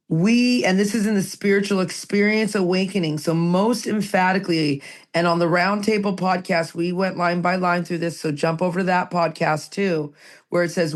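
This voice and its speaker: A woman co-hosting a recovery podcast, talking in a lively, rambling way and reading passages aloud. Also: on the low side, moderate pace. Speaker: podcast co-host. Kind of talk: casual recovery podcast chat.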